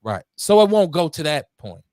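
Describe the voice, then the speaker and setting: A man's voice: a little high, sing-song, moderate pace, dry recording. Fiery, swearing male radio host. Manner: fiery, preachy, swings between shouting and muttering, swears freely. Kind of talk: impassioned call-in radio talk.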